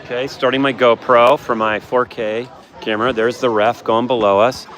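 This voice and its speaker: A man commentating a youth water polo game live from the stands, excitable, with chatty asides, hoarse from yelling. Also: mid-range voice, normal speed, some chatter behind. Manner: excitable, shouts on big plays, chatty asides. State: coughing from yelling. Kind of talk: excited amateur play-by-play commentary.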